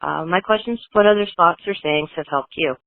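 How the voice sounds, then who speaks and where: A woman's voice: on the low side, a little fast, gravelly, no room sound. A woman listener leaving a recorded question for the show, reciting a prayer before she asks. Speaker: listener caller. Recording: tinny phone-line voicemail.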